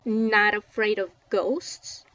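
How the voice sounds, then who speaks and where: A woman voicing a menacing male pirate ghost who speaks in slow, booming threats, recorded dull and a little distant from the mic. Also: fairly even intonation, sharp tone.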